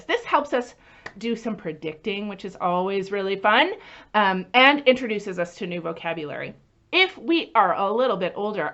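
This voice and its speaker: A woman children's librarian leading a story time lesson, animated and singsong, asking the children questions as she goes. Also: mid-range voice, dull audio.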